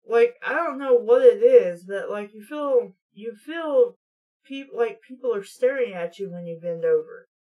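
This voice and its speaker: Woman book host, sarcastic and profane, fairly high voice. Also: lively intonation, measured pace, narrow, tinny audio. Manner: sarcastic, swears casually. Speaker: booktube host.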